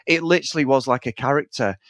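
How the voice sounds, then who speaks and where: A man's voice: mid-range voice, fast, a bit bright, no echo. A man co-hosting a podcast, chatting about a film in a rambling, enthusiastic way and swearing freely. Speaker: podcast co-host. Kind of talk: casual film review chat.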